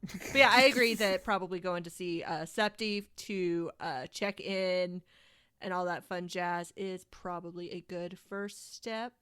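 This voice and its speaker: A young woman playing in a tabletop game, her voice smooth and slightly low for a woman. She jokes around and laughs easily, recorded close and dry. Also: steady tone, a bit bright, no echo. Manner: joking, quick to laugh. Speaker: player. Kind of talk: casual tabletop chat.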